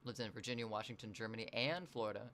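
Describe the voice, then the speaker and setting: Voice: medium pitch, fast talker, fairly bright tone, slight background noise. Rambling streamer from the US Northwest. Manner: rambling and chatty, reads chat aloud, swears casually. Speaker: livestreamer answering chat. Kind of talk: casual livestream chat.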